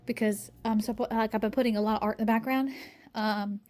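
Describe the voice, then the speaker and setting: Young woman, hoarse, out of breath, rambling, swearing, casual diary monologue, bit high-pitched. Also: steady tone, fairly quick, darkish tone. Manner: rambling and tired, swearing often, trailing off. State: hoarse from singing; out of breath from pacing. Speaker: vlogger recording a video diary. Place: home kitchen, microwave running.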